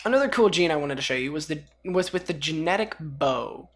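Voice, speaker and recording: A woman with a notably deep voice hosts a relaxed game tutorial. She rambles through the steps with offhand, self-mocking humor. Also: brisk, a little hiss or hum. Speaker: gaming video host. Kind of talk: casual mod tutorial commentary.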